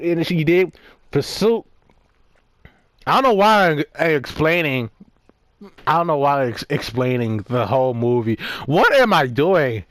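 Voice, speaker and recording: Playing a game as he goes, a young gaming vlogger of about nineteen loosely recaps a film, laughing, swearing and using lots of fillers. He speaks at normal speed in a somewhat high voice, and the recording is dry.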